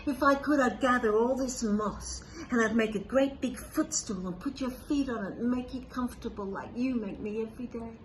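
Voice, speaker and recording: A man's voice: extremely high pitch, normal speed, hardly any pauses, a little hiss or hum, rough recording. A woman voicing a humble male shepherd who prays in an earnest, tender, childlike way. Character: humble grateful male shepherd, simple and devout.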